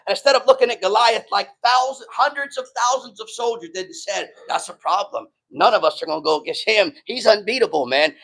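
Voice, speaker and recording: A man's voice: high voice, a bit bright, low-quality recording. A man preaching a sermon in a loose, slangy way, retelling stories with quoted voices. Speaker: pastor.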